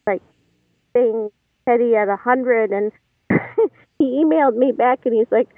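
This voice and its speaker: Calling in as a podcast guest, this woman has a fairly high pitch and a measured pace. Her casual interview chat is hesitant and full of ums, heard through a tinny, dry phone line.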